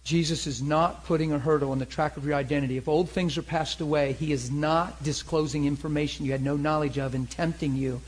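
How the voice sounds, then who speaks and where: Animated storytelling preacher, fairly high voice. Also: male voice, a little fast, hardly any pauses, low-quality recording. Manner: animated, laughing, acts out voices in his story. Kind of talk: storytelling sermon. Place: church meeting before a crowd.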